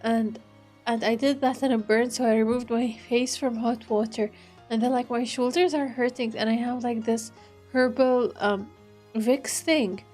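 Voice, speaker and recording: A woman streamer with a higher-pitched voice chats in an unhurried, drawn-out way, rambling and laughing at herself. Her nose is stuffy, which colors her speech. Faint game music plays behind her. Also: steady tone, a little mellow. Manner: giggly, rambling, self-deprecating. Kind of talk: casual live-stream chat.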